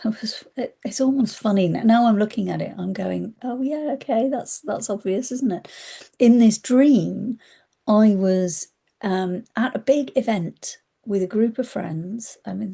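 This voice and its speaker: Middle-aged woman, spiritual advisor talking to camera; warm, breathy, expressive, with whispered asides. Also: medium pitch. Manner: animated storytelling, acts out anxious inner voices, drops to hushed whispers.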